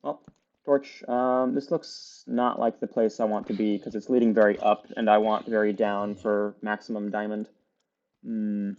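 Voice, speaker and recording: Low-voiced man rambling through gameplay. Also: little pitch movement, moderate pace, darkish tone, highs cut off. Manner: chatty, rambling play-by-play with many fillers. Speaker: gaming video creator. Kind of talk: casual gameplay commentary.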